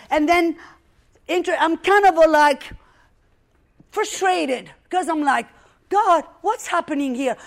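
A woman preaching, telling a personal story with lively, dramatic retelling and loud prayer declarations. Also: high-pitched. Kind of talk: sermon storytelling.

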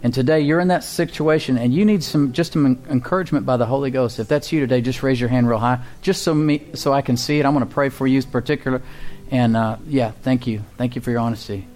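A man's voice: medium pitch, steady tone, fast talker, a little mellow. A male pastor preaching a sermon and leading a prayer, with a preaching cadence and call-and-response with the congregation.

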